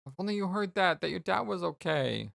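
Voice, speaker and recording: A let's play host voicing a bubbly, chatty teenage girl who rambles excitedly, reading game dialogue aloud. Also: mid-range voice, fairly quick, creaky. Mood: giddy.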